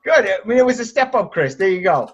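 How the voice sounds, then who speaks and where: A man's voice: high-pitched, sing-song, fast talker. A man coaching sellers on a group call, direct and encouraging, often restarting his sentences. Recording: muffled lo-fi audio.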